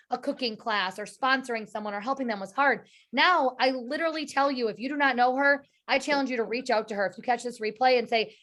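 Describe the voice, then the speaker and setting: A fairly high-pitched woman gives an eager motivational talk to her sales team over a video call. She speaks earnestly, repeating words as she restarts her sentences. The sound is that of a home call mic. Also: a bit bright. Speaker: direct sales team leader.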